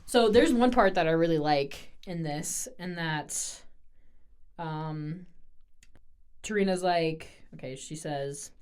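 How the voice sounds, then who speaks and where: A woman co-hosting a podcast, talking casually and laughing often. Her voice sits low, and she keeps things chatty. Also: measured pace. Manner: giggly, chatty. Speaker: podcast co-host. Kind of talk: casual book discussion.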